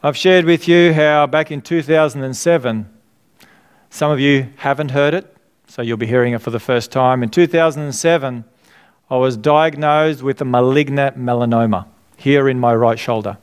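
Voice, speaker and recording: Pastor with a smooth voice. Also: male voice, medium pitch, steady tone, moderate pace. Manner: asks the congregation questions to fill in; earnest and conversational, with laughter. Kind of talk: sermon.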